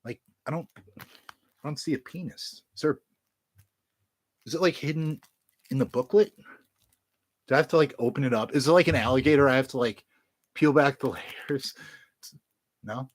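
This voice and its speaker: A man's voice: mid-range voice, moderate pace, pauses often, no room sound. A man in a casual vlog, reviewing albums from his collection in a crude, joking, self-mocking way, rambling with lots of fillers and swearing.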